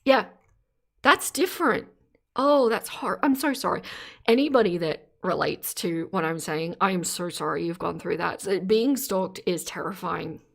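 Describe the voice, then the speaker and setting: A woman's voice: lowish voice, expressive, moderate pace, creaky. Earnest woman live streamer. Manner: earnest, exclaims in sympathy while reading chat. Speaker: live streamer reading chat. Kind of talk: casual live-stream commentary. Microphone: phone camera.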